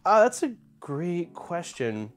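A man's voice: high-pitched, very animated, takes it slowly, faint music behind. A man hosting a casual live-stream unboxing, thinking aloud and greeting viewers in chat. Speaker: streamer host.

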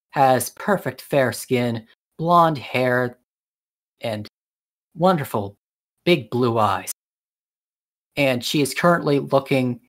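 A man serves as game master, narrating a tabletop scene at a slow pace. He halts often to find the next word. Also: medium pitch, a bit bright. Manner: unhurried, halting narration with fillers.

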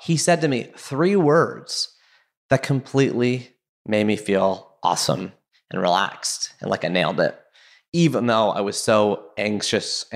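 Chatty excitable male podcast host. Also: on the low side, gravelly. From Canada. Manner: excitable, chatty, self-deprecating, many fillers. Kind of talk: casual storytelling intro.

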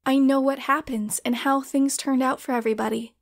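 Woman reader as grieving devoted fan, earnest, emotional, slightly high. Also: steady tone, fairly quick.

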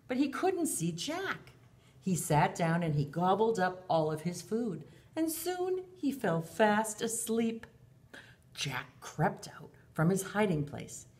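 Her voice fairly low and a little mellow, a woman preschool teacher reads a storybook aloud and runs a lesson for little kids. She speaks expressively in a sing-song way and calls herself by her own name.

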